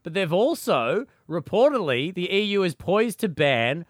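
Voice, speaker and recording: A man's voice: sits high, big pitch swings, unhurried, dry recording, clean studio sound. A man co-hosting a comedy podcast, chatting casually and jokingly, laughing often and slipping into mock voices. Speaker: podcast co-host.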